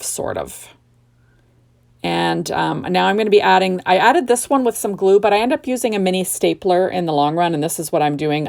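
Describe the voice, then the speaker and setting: Working in her home craft room, a middle-aged woman casually narrates the steps of her card-making in a relaxed, chatty voice-over. Her slightly low voice has a gravelly edge, and she meanders through fillers and restarts.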